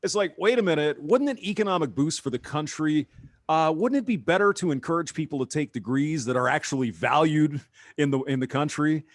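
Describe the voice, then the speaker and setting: A man's voice: on the high side, a little fast, no echo, studio quality. A man on a casual talk show, sounding incredulous and chuckling as he argues his point.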